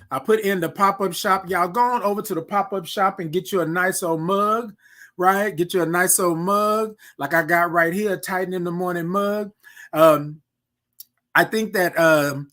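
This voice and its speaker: A man's voice: sits high, sharp tone. A man from Houston hosting a casual morning livestream, chatting with viewers and reading their comments aloud. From Houston, Texas. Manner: chatty, tags lines with "right?" and "y'all", reads viewer comments aloud. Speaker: host. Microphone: desk microphone he can move aside.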